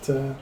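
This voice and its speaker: A man tells a meandering story while he plays, trailing off into fillers and restarting his sentences. He talks slowly, and his voice echoes in a roomy space over a faint hum. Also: extremely high pitch, fairly bright tone. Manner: rambling, hesitant, many fillers and restarts. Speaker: streamer. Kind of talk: casual storytelling while playing a farming game.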